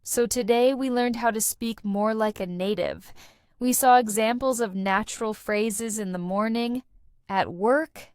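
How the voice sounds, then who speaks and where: A woman giving a scripted English lesson, speaking in a slow, deliberate teaching manner. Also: a little high, smooth, dry recording. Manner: slow, deliberate teaching delivery with lively intonation.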